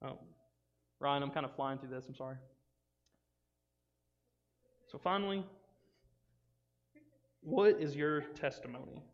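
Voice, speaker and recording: A man gives a casual, animated youth sermon, acting out the voices of friends and Bible characters. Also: mid-range voice, a little slow, pauses often. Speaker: youth pastor. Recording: dull sound with long reverb in a hall.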